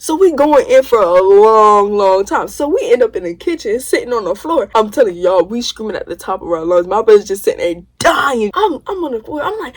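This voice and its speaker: A young woman telling a story to the camera, animated and rambling, full of slang. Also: fairly high pitch, brisk, few pauses. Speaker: vlogger. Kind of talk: casual storytime.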